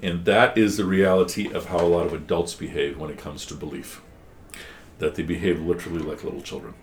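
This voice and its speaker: Deep-voiced man teaching a class. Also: fairly even intonation, fairly quick, slight background noise. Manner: explains patiently, asks guiding questions. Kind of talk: one-on-one class discussion.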